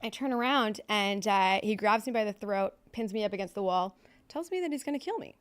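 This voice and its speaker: A woman in her thirties tells her own story plainly and bluntly, her voice sitting at a middle pitch. She talks in a loose, conversational way, full of fillers and frank asides, and never softens the hard parts. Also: animated, a little fast, clear, resonant tone. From Southern California. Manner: candid, blunt storytelling with frequent swearing and fillers. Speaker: podcast guest. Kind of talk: personal recovery story.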